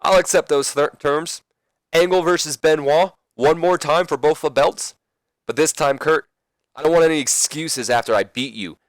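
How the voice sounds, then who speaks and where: A defiant male wrestling champion throws challenges at his rival, his voice lifted well above the performer's usual range. A man plays him during game commentary, clear and close to the mic. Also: fairly high pitch, moderate pace, no room sound, voice pushed up, natural voice. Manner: forceful, taunting.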